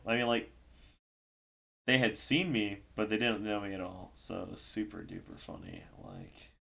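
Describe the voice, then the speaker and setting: A man's voice: mid-range voice, creaky, fairly bright tone. A man casually telling a story on a livestream, rambling with lots of fillers and breaking into laughter. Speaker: stream host recapping a tournament.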